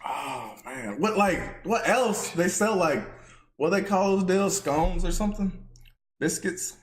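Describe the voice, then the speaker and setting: A Texan man hosts a podcast, telling a story in casual slang and laughing a lot as he chats. His voice is high-pitched, expressive, and a little slow, and the recording has a roomy echo.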